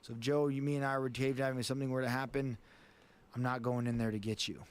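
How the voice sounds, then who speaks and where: A man's voice: medium pitch, level tone, fast, smooth. A man, a guest on a casual talk show, telling a vivid story in plain words and swearing often.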